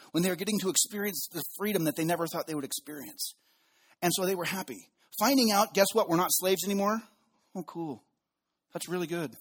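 A male pastor preaching a sermon, telling stories animatedly, acting out quotes and dropping into quiet asides. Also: a little high, slightly rough.

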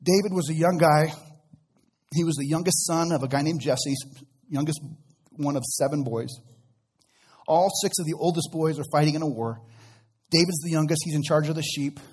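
Man, pastor, sermon, conversational, acts out quotes, husky, high-pitched. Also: a little mellow. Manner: storytelling with acted-out quotes; conversational, uses casual slang.

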